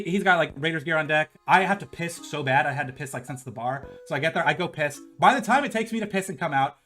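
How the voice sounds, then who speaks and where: A young man tells a story at a fast clip, his voice sitting a bit high for a man. He talks in a loose, rambling way, full of filler words and curses. Soft music plays in the background. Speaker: streamer. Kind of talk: casual storytelling.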